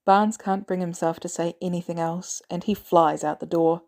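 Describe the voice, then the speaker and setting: A woman reading a fan story aloud as a podfic narrator, in a measured, even storytelling manner. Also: on the low side. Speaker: podfic reader.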